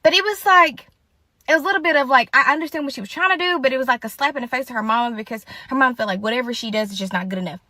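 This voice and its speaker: A woman in her late twenties tells a story in a chatty monologue and keeps turning to her viewers. Her voice is bright and a little high, and she talks fast. The sound is dry and close, with no room in it. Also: dry recording. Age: late 20s. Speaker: storytime host.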